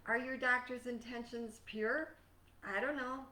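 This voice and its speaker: A woman life coach giving a scripted motivational talk in an earnest, measured, emphatic way. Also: fairly high pitch, steady tone, pushed and bright. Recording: echoey room, distant mic.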